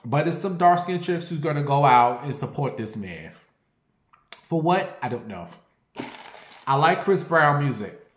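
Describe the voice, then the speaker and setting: A man's voice: on the high side, measured pace, pauses often, roomy sound, slight background noise. A man delivering a sassy, profane gossip rant in a casual online video. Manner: sassy, brash and profane, animated. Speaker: online commentator.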